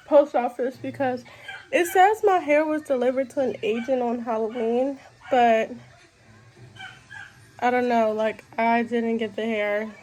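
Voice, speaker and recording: High-voiced woman vlogging casually. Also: unhurried. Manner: animated, exasperated retelling with repeated restarts. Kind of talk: casual vlog storytelling. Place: in a car and around home.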